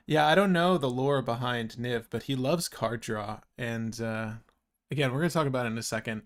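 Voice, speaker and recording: A man's voice: medium pitch, brisk. A young man hosting a casual card game stream, joking, laughing often and rambling between topics. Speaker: host.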